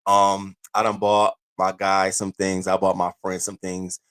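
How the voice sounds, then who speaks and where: A man's voice: sits low, monotone, unhurried, a bit bright. A man in his thirties hosting a casual live stream, candid and profane, swinging between laughing and heavy moments. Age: 30s.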